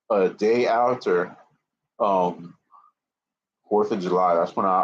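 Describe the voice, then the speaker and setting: A man in his twenties rambling profanely on a live stream, repeating himself and slightly out of breath. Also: on the low side. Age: 20s. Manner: profane, repetitive, restarts often. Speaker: livestreamer. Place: indoor room with a fan. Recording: muffled lo-fi stream audio.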